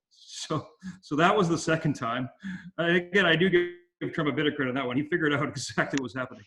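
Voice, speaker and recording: A man's voice: on the high side, fairly quick, fairly bright tone. Man telling stories in a roomy room. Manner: rambling anecdotes with frequent fillers and restarts. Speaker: interview guest. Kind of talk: casual storytelling.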